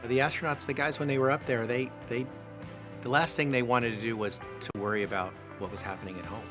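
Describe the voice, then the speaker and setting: A middle-aged man speaking earnestly and in a measured way in an interview, with music underneath. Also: medium pitch, fairly even intonation. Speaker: interviewee, son of an Apollo astronaut. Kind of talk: reflective interview.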